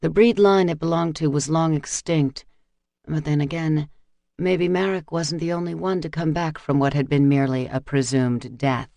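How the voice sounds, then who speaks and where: Gravelly male audiobook narrator. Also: fairly high pitch, steady tone, moderate pace, a little mellow, dry recording. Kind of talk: scripted narration.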